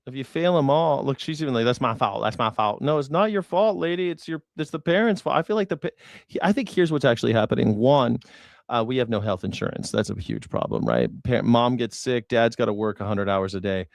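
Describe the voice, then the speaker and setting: A man's voice: medium pitch, very animated, a little fast, gravelly, a little mellow, no room sound. A man riffs in casual reaction commentary, blunt and profane, looping off into tangents. His voice sits in a middle register and comes across close and dry, with no room sound around it. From grew up in a city. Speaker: news reaction host.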